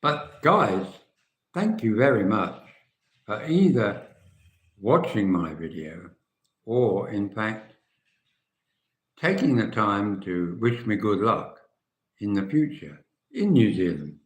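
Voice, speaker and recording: An English man in his seventies chatting casually and frankly to viewers on a live stream, rambling and trailing off quietly at the ends of phrases. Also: on the low side, sing-song, takes it slowly, pauses often. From England. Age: 70s. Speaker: vlogger. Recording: echoey room.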